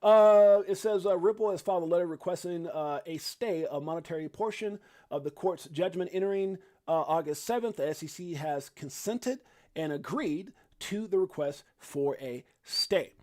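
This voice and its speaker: A man hosting a hyped livestream with a Chicago accent, talking fast and excitably and shouting out his viewers. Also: high-pitched, no echo, studio quality. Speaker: livestream host. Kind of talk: hyped casual livestream chat.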